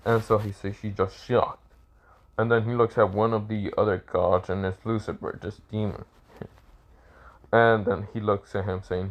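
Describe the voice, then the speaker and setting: A man improvises a fan-fiction story aloud, rambling and correcting himself as he goes. His voice sits fairly low and his telling is loose and full of fillers. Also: little pitch movement, normal speed.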